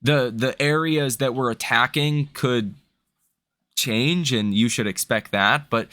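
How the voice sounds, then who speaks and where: A man's voice: medium pitch, slow, bright, forceful tone. A man hosting a stock market video, reading news headlines and then giving his own blunt opinions in a casual way. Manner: talks in restarts and asides like "right?" and "okay?".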